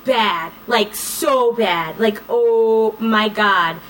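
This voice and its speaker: A woman's voice: mid-range voice, drawn-out words, fairly bright tone, a little hiss or hum, rough recording. Rambling woman recapping a story, swearing freely. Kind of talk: casual chat, recapping a series.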